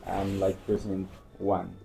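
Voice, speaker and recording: A teenage boy who recently graduated, giving halting, unsure short answers. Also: deep voice, monotone, creaky, crowd noise. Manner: halting, unsure, few words. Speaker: guest, former student. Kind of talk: casual interview answers.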